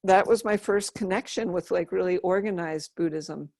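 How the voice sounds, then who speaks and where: Earnest soft-spoken middle-aged woman. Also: lowish voice, moderate pace, gravelly, no room sound, clean studio sound. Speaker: Buddhist nun telling her story. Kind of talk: reflective interview storytelling.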